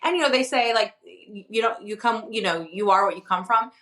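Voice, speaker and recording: Bright-voiced woman co-host in her thirties. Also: medium pitch, brisk. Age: 30s. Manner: open and earnest, frequent agreeing "yeah". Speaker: guest co-host. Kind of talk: casual chat.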